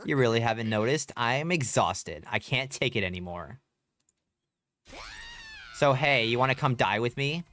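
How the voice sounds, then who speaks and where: A man's voice: medium pitch, animated, normal speed, few pauses, fairly bright tone, dry recording, close to an everyday voice. A man putting on the voice of a cheeky, unhinged schoolgirl prankster, reading game dialogue aloud with teasing, slangy banter. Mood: creepy.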